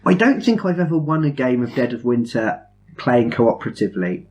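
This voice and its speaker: A podcast host chatting casually among friends explains things enthusiastically and ramblingly, adding self-mocking asides. His mid-range voice is somewhat mellow, swings widely in pitch, and moves fairly quickly.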